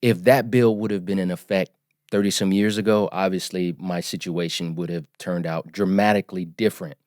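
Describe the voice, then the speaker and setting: A man in his forties, a podcast guest, telling his story in an earnest, emphatic, measured way. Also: low-pitched, fairly even intonation, a little mellow, no room sound, clean studio sound. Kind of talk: storytelling interview.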